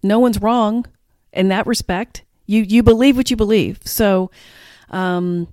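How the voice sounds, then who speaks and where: A woman's voice: mid-range voice, a little slow, darkish tone, dry recording, clean studio sound. A woman chatting casually and reflectively in an easygoing way. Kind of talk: casual chat.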